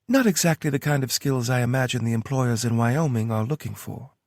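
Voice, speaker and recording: A man's voice: mid-range voice, animated, a little fast, a little mellow, dry recording, clean studio sound, voice pushed up, close to an everyday voice. A man voicing a teasing young woman with a Kentucky accent. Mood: playful. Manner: teasing, mock-serious. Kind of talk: audiobook character voice.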